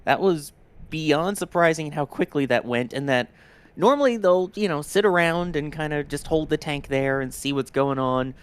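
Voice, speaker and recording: A man co-hosting a livestream, telling what happened in an animated, casual way. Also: on the high side, moderate pace, clean tone. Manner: animated storyteller. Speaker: co-host.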